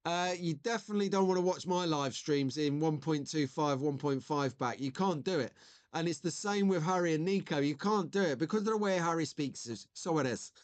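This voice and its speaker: A man's voice: fairly high pitch, brisk, no room sound. A man hosting a live stream in a casual, jokey chat and reacting to viewer comments. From United Kingdom.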